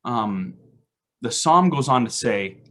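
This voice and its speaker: A man's voice: mid-range voice, animated, slow, a bit bright. A man giving a casual, self-deprecating faith reflection at an online recovery meeting, full of rhetorical questions.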